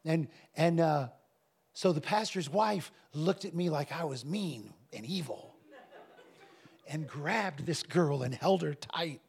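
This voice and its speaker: A man telling a story in a casual, animated way, laughing often and restarting his phrases. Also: on the high side, slow pace, creaky, breathy edge. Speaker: guest minister telling a story.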